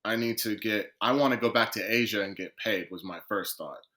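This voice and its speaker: Male podcast guest with a bright, forceful voice, animated storyteller who acts out what people said. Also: fairly low pitch, brisk. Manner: lively storyteller, acts out quoted conversations. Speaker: guest, professional footballer.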